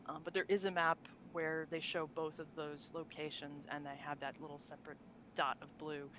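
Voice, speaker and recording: A woman's voice: sits low, flat delivery, normal speed, noisy background. A woman co-hosting a casual podcast chat about tabletop game lore, talking loosely with fillers and frequent laughs. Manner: chatty, laughs often, many fillers and restarts. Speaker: podcast co-host.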